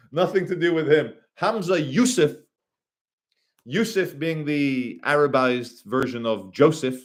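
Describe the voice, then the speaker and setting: A man streaming live in a fairly high voice, rambling from one chat comment to the next. He swears freely and throws in quick asides. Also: lively intonation. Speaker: livestreamer. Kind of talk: casual livestream, reading chat.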